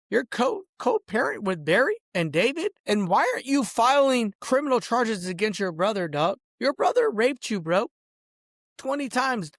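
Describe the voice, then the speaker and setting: A man's voice: high-pitched, fairly bright tone, dry recording, clean studio sound. A man delivering an angry, profane rant outdoors, addressing people directly and peppering his speech with "bro" and "dog". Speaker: host. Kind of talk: angry ranting monologue.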